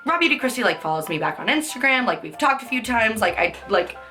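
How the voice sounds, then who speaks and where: Fast and sing-song, this slightly high female voice sounds pushed and bright over faint background music. The young adult beauty vlogger chats through embarrassing stories, laughing a lot, cursing, and filling her speech with "like."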